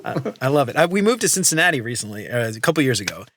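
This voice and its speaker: A middle-aged man hosting a podcast, chatting in a quick, enthusiastic, casual way. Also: mid-range voice, big pitch swings, fairly bright tone, slight background noise. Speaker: podcast host. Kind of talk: casual interview chat.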